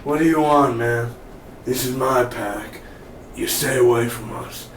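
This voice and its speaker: A man putting on the voice of a tough male survivor, speaking slowly and with menace, recorded in a roomy space from a distance. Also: medium pitch, lightly acted. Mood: menacing. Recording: roomy, distant mic, faint noise.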